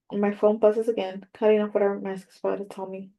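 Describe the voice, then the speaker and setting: A woman giving a measured, even first-person audiobook narration. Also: mid-range voice.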